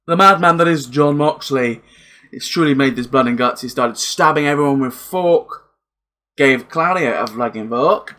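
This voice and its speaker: A young man talks through a wrestling match in a loose, excitable ramble, swearing freely and circling back to the same points. His voice sits a little high and comes across bright and forceful. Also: normal speed. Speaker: wrestling reviewer. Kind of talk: casual video review.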